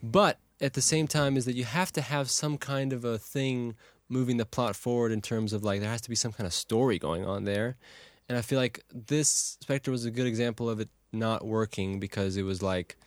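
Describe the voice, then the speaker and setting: A man's voice: mid-range voice, fairly even intonation, normal speed, few pauses, no room sound. A man chatting casually in a movie review podcast, rambling with many fillers.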